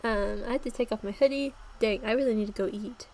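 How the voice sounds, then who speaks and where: A woman's voice: fairly high pitch, quick pace, a little mellow, poor audio. A young woman in her early twenties reading her old novel aloud on a stream, laughing at her own writing.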